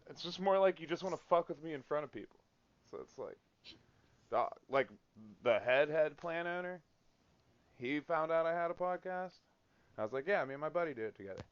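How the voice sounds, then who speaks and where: A man's voice: fairly high pitch, moderate pace, pauses often, clean tone, no echo, dull audio. A man co-hosting a casual podcast, venting about work with lots of swearing and laughter. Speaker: podcast co-host. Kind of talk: casual chat.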